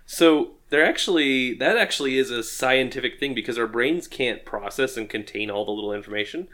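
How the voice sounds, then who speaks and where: Man, casual chat, quick talker, jokey explainer, swears, mid pitch. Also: a bit bright.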